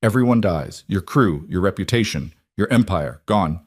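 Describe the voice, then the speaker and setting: A man's voice: sits low, expressive, normal speed, a little mellow, slightly rough, no echo. A man voicing an urgent woman fighter. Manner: urgent, warning. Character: sharp, urgent woman combat trainer.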